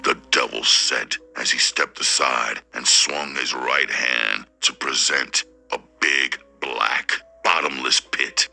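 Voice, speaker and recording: A male storyteller with an extremely deep, gravelly voice, reading slowly and deliberately. His tone is husky yet bright and forward. Soft music plays underneath. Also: steady tone. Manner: slow, deliberate, preacherly delivery. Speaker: narrator and audiobook reader. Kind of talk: dramatic storytelling narration.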